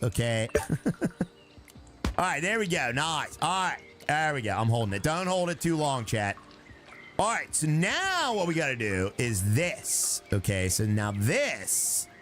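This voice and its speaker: A man's voice: a little high, a bit bright. A man playfully chatting with his viewers while streaming a building game, joking as he plays. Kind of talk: casual live game commentary.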